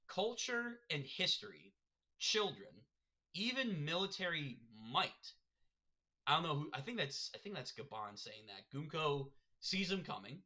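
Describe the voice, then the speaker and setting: A man reacting live to a manga chapter, reading panels aloud with excitable running commentary. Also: fairly high pitch, normal speed, muffled recording.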